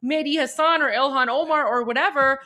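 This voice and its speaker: A woman's voice: high voice, a little fast, bright, forceful tone. A woman co-hosting a live show, chatting casually with many fillers. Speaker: co-host.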